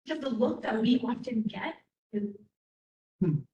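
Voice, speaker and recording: A woman's voice: a little high, expressive, mellow, lo-fi sound. Woman keynote speaker, Canadian accent, frank and emphatic, recorded from a distance in a roomy hall. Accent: Canadian English. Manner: casual and frank, with quick laughs and emphatic repetition. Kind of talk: motivational keynote speech. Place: large hall. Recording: echoey hall, mic at a distance.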